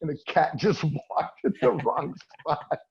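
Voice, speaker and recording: Male comedian guest, raspy, laid-back, self-deprecating; muffled lo-fi audio. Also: a little high, measured pace. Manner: relaxed, self-deprecating, trailing restarts. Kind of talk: casual interview chat.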